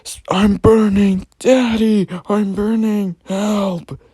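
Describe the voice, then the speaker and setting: A man's voice: high-pitched, level tone, takes it slowly, mellow, breathy edge, no room sound, clean studio sound, pitched above the performer's own voice, exaggerated voice. A man voicing a terrified little boy who screams in a trembling voice for his father in a spoken horror story. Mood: screaming, pleading.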